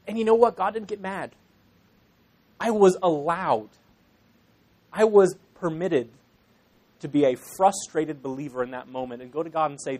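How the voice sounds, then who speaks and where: A man's voice: fairly high pitch, animated, normal speed, pauses often, darkish tone. A young Irish man in his twenties, a pastor in training, preaching a sermon to a congregation in an earnest, emphatic way with self-deprecating asides.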